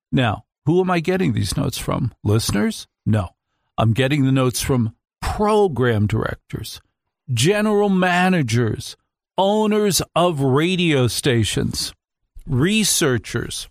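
A man's voice: on the high side, big pitch swings, slow, vocal fry, no echo. A man hosting a nightly radio talk show, talking into a studio microphone with sarcastic, mock-outraged asides.

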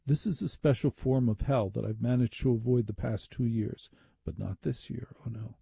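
A man's voice: mid-range voice, normal speed, creaky, mellow, slightly rough, dry recording. A man hosting a talk radio show, delivering an opinionated, indignant and sardonic monologue into a studio microphone.

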